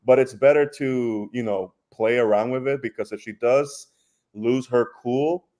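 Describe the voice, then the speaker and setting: Animated man in podcast chat. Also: mid-range voice, unhurried. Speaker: podcast co-host. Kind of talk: casual discussion.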